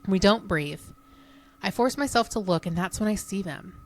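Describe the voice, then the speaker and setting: A woman co-hosting a podcast, reading a spooky story in a hushed, suspenseful way. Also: mid-range voice, lively intonation, normal speed. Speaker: podcast co-host. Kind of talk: reading spooky stories aloud.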